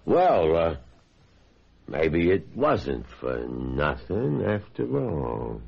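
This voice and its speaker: A man's voice: a bass voice, huge pitch swings, very slow, creaky, full character voice. An actor playing a man who poses as an old army buddy to check up on a dead friend, in a vintage-style drama. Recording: dull lo-fi audio.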